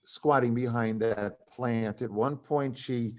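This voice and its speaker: A man's voice: medium pitch, slow pace. An older man, a comedy writer, telling stories at a live talk and acting out the voices of the people in them. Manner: animated, acts out other people's voices in quotes. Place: cultural center venue, live event.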